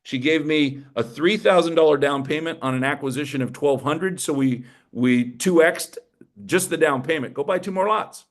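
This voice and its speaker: A man giving an energetic, emphatic seminar presentation on real estate investing. He often asks the audience rhetorical questions. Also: a little high, moderate pace.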